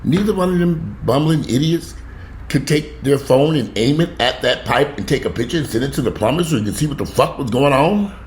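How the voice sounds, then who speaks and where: Man, heated profane home rant, very animated pitch, echoey room with faint background hum. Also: brisk. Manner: heated, swearing, pitch jumping up when outraged. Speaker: vlogger.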